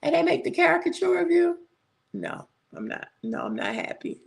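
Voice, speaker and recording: A woman in her sixties hosts a relaxed livestream chat. Her voice sits high and carries a heavy gravelly fry. She talks slowly, laughs often and swings her pitch widely as she thanks her viewers. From southern United States. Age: 60s. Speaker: livestream host. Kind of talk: casual live chat greeting viewers.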